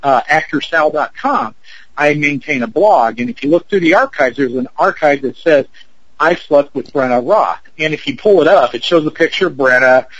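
A man's voice: a little high, animated, fairly quick, fairly bright tone, no room sound, highs cut off. A man in his fifties, an actor and producer, telling a story in an interview in a chatty way, with lots of fillers and acted-out quotes. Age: 50s. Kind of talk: anecdote in an interview.

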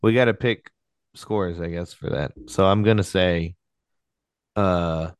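A man co-hosting a casual sports podcast, an excitable fan who blusters about his team. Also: low voice, measured pace, clean tone, no room sound, studio quality. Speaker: podcast co-host.

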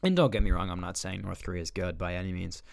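Twenties guy from the US northeast, low gravelly voice, loose profane podcast rambler, dry close sound. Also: lively intonation, quick pace, no room sound. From northeastern United States. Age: 20s. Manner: profane, rambling, with heavy swearing. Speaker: podcast host. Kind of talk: casual solo rant.

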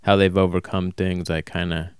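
A man talking alone in a casual, rambling monologue, flat and self-described as monotone, often stopping to correct himself. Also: low-pitched, normal speed, clean tone, no echo, clean studio sound. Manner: casual, swears. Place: warm indoor room.

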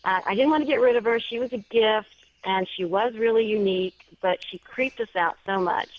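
Here a chatty woman tells a strange story during a casual storytelling interview, where she's the guest and a paranormal story writer. Her mid-range voice moves a little fast with many small restarts, and the recording is dry, slightly dull lo-fi with no echo.

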